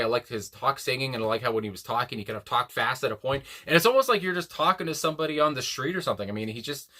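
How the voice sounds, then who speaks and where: A man's voice: mid-range voice, bright, forceful tone. A man hosting a casual music reaction, rambling with lots of fillers and restarts and the occasional swear. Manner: rambling, many fillers and restarts, laughs to himself.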